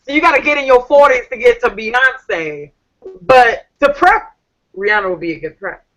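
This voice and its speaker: A woman hosts a live online chat in a bright, forceful voice. She talks with sass and animation, reading viewers' messages aloud. Her voice comes through a laptop or phone mic on a video call. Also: fairly high pitch, animated, moderate pace, rough recording. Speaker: talk show host. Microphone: computer or phone on a video call.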